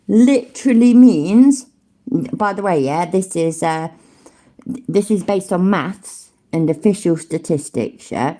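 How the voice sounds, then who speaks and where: A woman's voice: lowish voice, lively intonation, slow pace, mellow. A British woman hosting a reaction video, commenting casually in a sweary, sarcastic way and laughing often.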